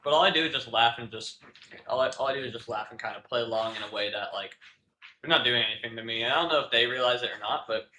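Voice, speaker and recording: Rambling teenage boy, bright and echoey. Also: mid-range voice, fast talker. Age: teens. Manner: rambling, many fillers and restarts, laughs often. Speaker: podcast co-host. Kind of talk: casual chat. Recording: echoey room with faint noise.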